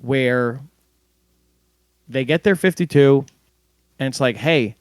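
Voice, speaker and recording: A man co-hosting a casual sports recap over an online call, walking through the plays in a relaxed way. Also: mid-range voice, slow pace, smooth, no echo. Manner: relaxed, play-by-play recounting with fillers. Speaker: podcast co-host.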